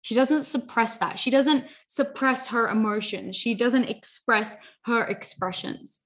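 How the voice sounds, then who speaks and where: A woman's voice: a little high, a bit bright. A young adult woman giving an earnest motivational talk, repeating phrases and often saying "you know" and "like". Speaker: self-help speaker.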